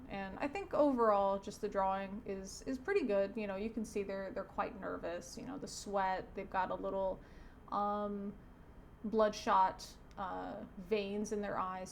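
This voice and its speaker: A woman, a teacher by trade, reading a comic aloud in casual commentary, with wry asides and sentences that wander off and trail away softly. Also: mid-range voice, a little hiss or hum. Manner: digressive, self-correcting, trails off softly. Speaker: teacher reviewing a comic on her channel.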